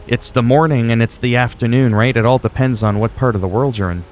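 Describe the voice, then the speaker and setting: A man's voice: mid-range voice, a little fast, a little mellow, soft background music. A man from Canada whose first language is French, chatting with viewers in a rambling, easygoing way while he plays games on a livestream. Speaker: game streamer. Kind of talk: casual livestream chat while gaming.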